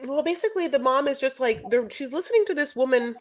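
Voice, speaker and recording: A woman's voice: sits high, expressive, fast talker. A woman co-hosting a podcast, recapping a reality show in rambling casual chat with lots of fillers. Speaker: podcast co-host.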